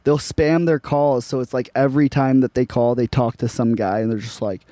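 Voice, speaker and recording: A man's voice: mid-range voice, fairly even intonation, fairly quick, mellow, dry recording. A man co-hosting a podcast, telling rambling, profane stories in casual chat. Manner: rambling, profane storytelling full of "like". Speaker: podcast co-host.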